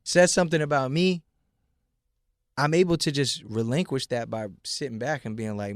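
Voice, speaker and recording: A man as a podcast guest, telling animated stories with lots of swearing and acted-out quotes. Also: medium pitch, normal speed, no echo, studio quality. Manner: animated storyteller, heavy swearing, acts out quotes. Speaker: guest rapper. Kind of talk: casual interview chat.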